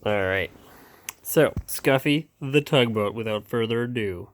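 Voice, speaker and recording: A man's voice: medium pitch, unhurried, slight background noise. A young man reading a children's book aloud in a casual, jokey way, wry and offhand with ad-libbed asides.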